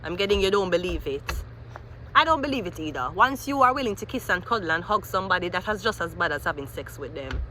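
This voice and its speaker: A woman giving a rambling, animated tarot reading, thinking aloud as she turns cards. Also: lowish voice, quick pace, a little hiss or hum. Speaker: tarot reader.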